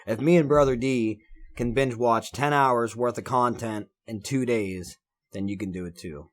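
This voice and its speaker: A man's voice: medium pitch, moderate pace. Blunt, swearing male podcast co-host. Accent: Southern US twang. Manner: crude and blunt, swears freely. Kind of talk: casual podcast chat.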